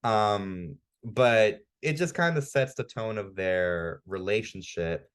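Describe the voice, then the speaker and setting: Chatty low-voiced man recapping a story. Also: takes it slowly, clear, resonant tone. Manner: enthusiastic, frequent "like" fillers. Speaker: podcast co-host. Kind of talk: casual recap and review.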